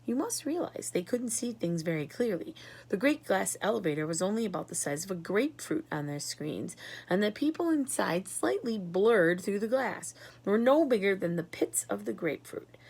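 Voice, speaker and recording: A woman reads a children's chapter book aloud. Her voice sits in a middle pitch, and her delivery is expressive. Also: moderate pace, breathy edge. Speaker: reader.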